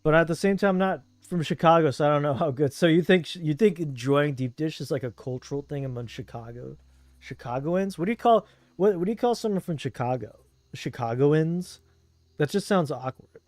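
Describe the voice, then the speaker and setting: A man's voice: on the high side, brisk, darkish tone, no room sound. A man from Southern California with a Southern Californian accent, streaming a game and chatting casually in a rambling, laid-back way. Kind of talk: casual chat while gaming.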